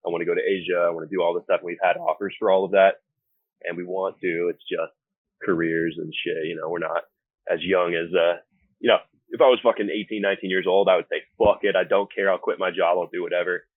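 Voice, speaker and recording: A young American man talks in a low, husky voice, swearing freely as he tells road stories in a laid-back, blunt way. The sound is thin and phone-like, and the room is dry. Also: no room sound. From United States. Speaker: band vocalist, guest. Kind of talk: casual interview chat. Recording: phone-like remote call audio.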